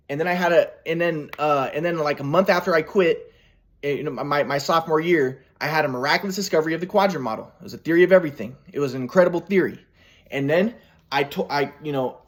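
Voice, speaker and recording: Fast-talking man telling a rambling story. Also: a little high. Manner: rambling, many restarts, acts out quotes. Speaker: vlogger. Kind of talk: personal storytelling monologue.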